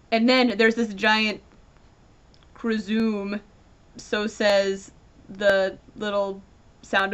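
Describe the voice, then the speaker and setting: A woman giving a casual, rambling review of a comic, animated and full of fillers. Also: medium pitch, dull audio.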